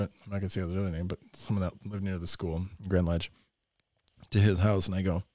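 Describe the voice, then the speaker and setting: A man's voice: fairly low pitch, lively intonation, fast, darkish tone, no echo, clean studio sound. A man guesting on a podcast, telling wild stories with lots of swearing and laughter, acting out the lines of the people in them. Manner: profane, laughs often, acts out quotes. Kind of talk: animated storytelling.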